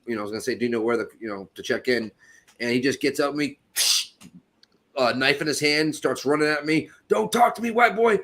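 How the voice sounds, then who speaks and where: A man's voice: medium pitch, steady tone, a little fast, fairly bright tone. Profane man telling a wild story. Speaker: podcast co-host. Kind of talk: casual sports chat, storytelling.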